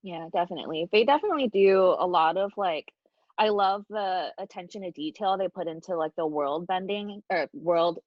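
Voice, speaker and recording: Low-voiced woman host on dull dry audio. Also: moderate pace, dry recording. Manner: chatty, filler-heavy. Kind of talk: casual video-call interview. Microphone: video call.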